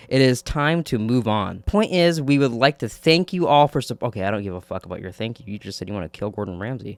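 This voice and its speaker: A man's voice: mid-range voice, lively intonation, fast talker, hardly any pauses, no echo. A young man hosting a reaction video, reading a letter aloud and breaking off into sarcastic, profane asides.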